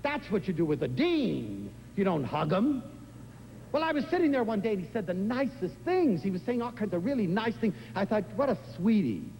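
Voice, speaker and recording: Older guy giving a lively talk, high voice, big swings up and down, echoey hall with faint room noise. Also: brisk. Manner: expressive, animated storytelling with big swings in pitch. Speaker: lecturer. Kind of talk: inspirational lecture to a live audience.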